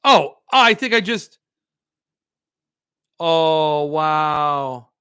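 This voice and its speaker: A man's voice: fairly high pitch, lively intonation, extremely slow, pushed and bright, clean tone, no echo, studio quality. A man hosting a podcast in casual chat, reading viewer comments, jokey and self-mocking. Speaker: podcast host.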